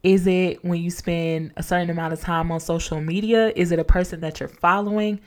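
A woman's voice: fairly low pitch, steady tone, a little fast. A woman hosting a motivational faith-based podcast. She talks casually and speaks straight to her listeners as friends, repeating key lines the way a preacher does. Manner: casual, encouraging, preacher-like repetition, addresses listeners as y'all. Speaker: podcast host.

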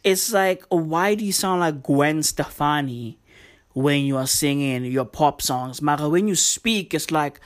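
A woman's voice: low voice, measured pace. A woman hosting a casual comedy chat, loose and profane, full of slang and rambling asides.

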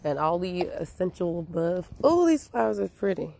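Casual vlog monologue, rambling musings, mellow tone, congested nose, faint outdoor noise. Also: mid-range voice, sing-song, normal speed, gravelly. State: stuffy nose from allergies. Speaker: vlogger. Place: outdoors near flowers and a car.

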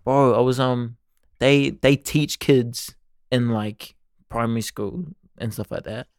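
A young man in casual, animated banter with a friend. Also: mid-range voice, slow pace, clear, resonant tone, no room sound, studio quality. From New Zealand. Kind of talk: casual chat.

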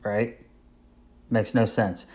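A man's voice: fairly low pitch, flat delivery, extremely slow, darkish tone. A man in his thirties telling a casual, rambling, self-mocking story about being a father.

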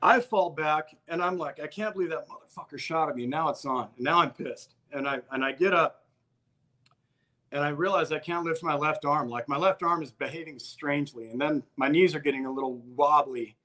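A man with a slightly high voice tells a story in a relaxed conversation. He is blunt and swears freely. He often breaks into the voices of the people in the story. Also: a little fast. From Albuquerque, New Mexico. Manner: profane, blunt, acts out quoted exchanges.

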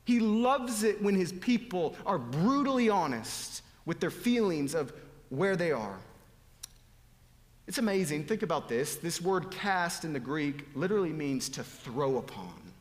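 A man preaching a sermon, dropping to hushed whispers and rising to loud, pleading appeals. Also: fairly high pitch, big pitch swings, a little slow. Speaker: pastor. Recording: long hall reverb.

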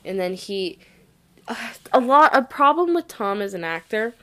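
A young woman co-hosting a podcast, casually and excitedly retelling a movie and acting out the lines. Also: mid-range voice, normal speed. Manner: animated, excited retelling with acted-out quotes. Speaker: podcast co-host.

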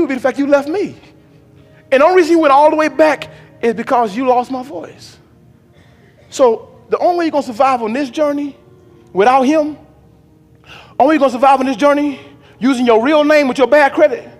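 High-pitched preacher man in a ringing hall. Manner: swings from low murmurs to shouted, drawn-out exhortation; repeats phrases in a rhythmic, call-style preaching cadence. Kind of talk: sermon. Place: church hall.

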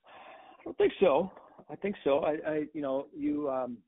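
A man talks through a movie in a relaxed, halting way, stopping often to restart his sentences. His voice is husky and slightly rough. The sound is dry, tinny and thin, like a phone line. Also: a little high, no room sound. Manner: hesitant, many restarts and fillers. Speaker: movie podcast co-host. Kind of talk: casual chat.

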